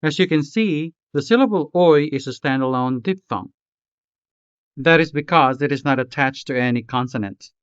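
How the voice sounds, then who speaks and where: A man's voice: on the high side, animated, moderate pace, clean tone, no room sound, muffled recording. A man, a Hiligaynon speaker, narrating a scripted language lesson and carefully pronouncing example words. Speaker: language tutor.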